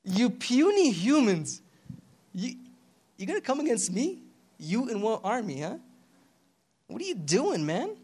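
A man's voice: extremely high pitch, huge pitch swings, unhurried, long pauses, darkish tone, husky, full character voice. A man voicing God scornfully taunting puny humans during a casual sermon. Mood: mocking. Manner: taunting, incredulous. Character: scoffing almighty God mocking puny humans.

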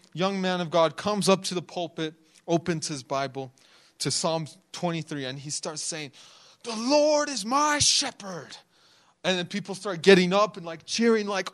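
A young man preaching a sermon in a conversational way, laughing often and acting out the people in his stories. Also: high-pitched. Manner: conversational, laughs often, acts out quotes in the story.

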